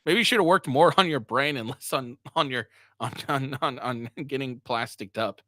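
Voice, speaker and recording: Crude, mocking bright-voiced man. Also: mid-range voice, moderate pace, no room sound, studio quality. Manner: crude, mocking, laughs often. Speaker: commentary streamer. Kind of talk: reaction commentary.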